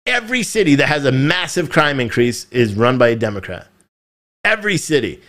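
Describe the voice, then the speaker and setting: A man's voice: medium pitch, big pitch swings, brisk, a bit bright. A man hosting a live political commentary show, talking in a frustrated, rambling way and often repeating himself. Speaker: podcast host.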